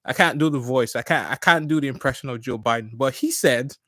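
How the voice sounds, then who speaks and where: A man hosting a podcast, giving casual political commentary in an excitable way, laughing often and stumbling over repeated words. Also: mid-range voice, brisk, dry recording. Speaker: podcast host. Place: at home.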